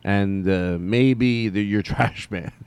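A middle-aged man hosting a solo comedy podcast, rambling and joking, jumping from loud bursts to mumbled asides. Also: fairly low pitch, slow, clear, resonant tone, no room sound. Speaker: podcast host.

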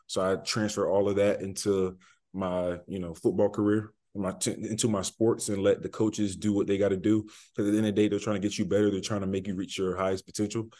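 A man's voice: fairly low pitch, a little mellow. A young man, a college football player, answering interview questions casually, with many fillers and restarts. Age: young adult.

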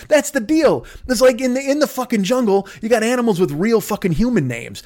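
A man rants his way through a rambling comedy riff, his voice pitched high and leaping all over the place. He swears constantly and piles one absurd tangent on another. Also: rapid-fire, hardly any pauses. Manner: profane, excitable, absurd tangents. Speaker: podcast host.

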